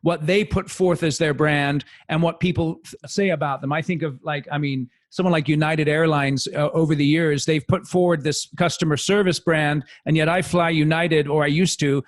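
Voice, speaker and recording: Guy hosting a podcast, bit high voice, easygoing questions. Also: fairly even intonation, normal speed, hardly any pauses. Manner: conversational, asks follow-up questions. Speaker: podcast host. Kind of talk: interview.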